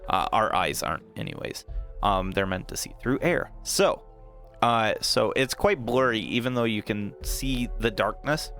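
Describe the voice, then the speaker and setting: A man's voice: lowish voice, expressive, unhurried, fairly bright tone, soft background music. A man narrating a tabletop game as dungeon master, casual and laughing often, with many fillers.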